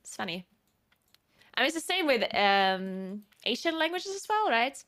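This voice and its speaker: A woman's voice: on the high side, very animated, moderate pace, fairly bright tone. A woman streamer chatting casually in a rambling way, laughing often.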